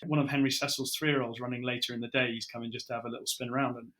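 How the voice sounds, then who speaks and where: A middle-aged British broadcaster spins stories in an easy podcast chat. His voice is bright and clear. He slips into the lines he and others said as he tells each tale. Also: mid-range voice, very fast. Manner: lively storyteller, acts out his own quotes. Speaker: broadcaster guest. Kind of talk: casual podcast chat, anecdotes.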